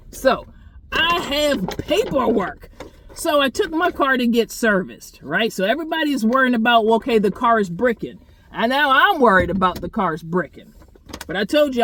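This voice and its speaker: A woman telling a story in a casual vlog, animated and blunt, swearing freely and talking straight to her viewers. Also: fairly high pitch, slight background noise. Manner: chatty, talks straight to viewers. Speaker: car owner vlogger.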